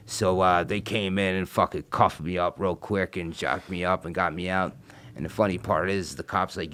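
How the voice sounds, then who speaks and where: A man's voice: sits low, steady tone, moderate pace, fairly bright tone. A middle-aged man telling a story in a casual interview, blunt and profane, rambling with many asides. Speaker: interview guest.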